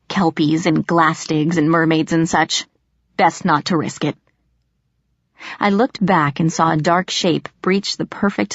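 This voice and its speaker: A woman reading a first-person story aloud as an audiobook narrator, in a steady, measured way. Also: lowish voice, gravelly, no room sound. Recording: slightly muffled dry recording.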